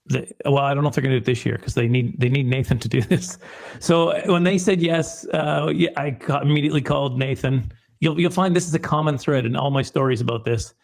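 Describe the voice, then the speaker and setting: A man's voice: mid-range voice, a little fast, creaky, few pauses, a little mellow. A man, a film producer, telling a long rambling story in a casual interview, self-deprecating and often restarting his sentences.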